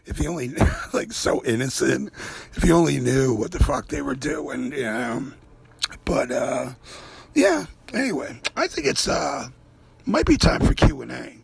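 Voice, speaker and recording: Raspy gravelly man ranting profanely. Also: medium pitch, very animated, a little slow, dry recording. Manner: profane, conspiratorial, jokey. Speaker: host. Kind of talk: rambling comedic monologue.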